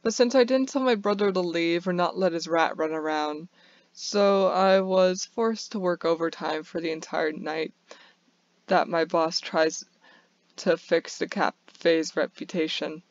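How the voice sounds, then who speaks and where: A woman's voice: fairly low pitch, fairly even intonation, unhurried, no echo. A woman voicing a kind, friendly young male barista who chats with amusement, on a dull lo-fi recording. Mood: amused.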